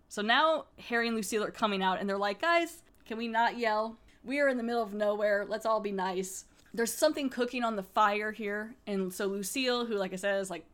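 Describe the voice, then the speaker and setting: Woman host, casual rambling recap, mid-pitched voice, laughs easily. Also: fairly bright tone. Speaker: podcast host.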